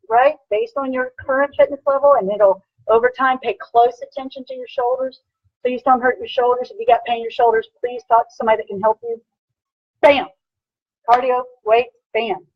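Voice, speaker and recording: A woman personal trainer giving an energetic motivational lecture, punchy and repetitive, with a husky voice. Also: high voice, no echo, highs cut off. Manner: energetic, punchy, repeats "bam" and "right?".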